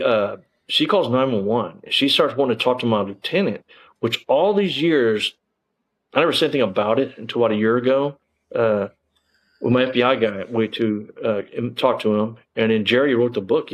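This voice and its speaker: A man's voice: medium pitch, rough recording. A man, a former police officer telling his story in a casual interview, rambling with lots of fillers and frank swearing.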